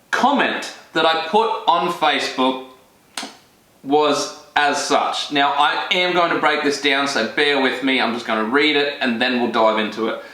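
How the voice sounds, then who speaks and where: A man's voice: a little high, sharp tone. An Australian man vlogging about fishing in a casual, rambling way, joking at his own expense and often restarting his sentences. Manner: rambling, jokey, self-deprecating, many restarts. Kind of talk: casual vlog chat. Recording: echoey room.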